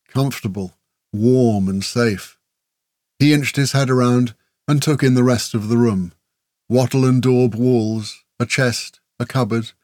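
A man narrating a fantasy audiobook in a steady, measured way. His voice sits in a middle pitch. The recording is dry and close, with no room around it. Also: dry recording.

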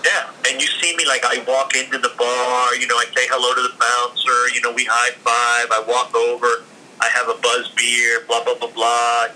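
A man spins his stories with a sharp, very bright voice, chatty and full of fillers. His delivery is animated, and a faint noise runs under the recording. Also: mid-range voice, moderate pace, rough recording. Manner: animated, acts out other people's lines; chatty, lots of fillers and blah blah. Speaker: guest telling stories. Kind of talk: casual storytelling.

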